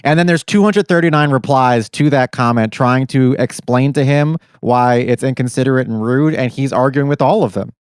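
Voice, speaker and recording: A man co-hosting a podcast in casual chat, with low-key, wry asides. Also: normal speed, few pauses, clean tone, dry recording, clean studio sound. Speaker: podcast co-host.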